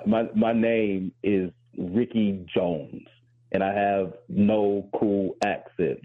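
A man's voice: on the low side, breathy edge, phone-quality sound. A male professor on a talk show, speaking in a thoughtful, candid way with flashes of self-deprecating humor. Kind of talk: reflective talk-show discussion.

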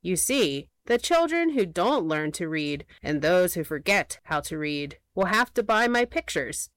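A woman voicing a sly, greedy little male hedgehog painter with a squeaky voice, in a storybook reading. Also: very animated, measured pace, dry recording. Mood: gloating. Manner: sly, scheming.

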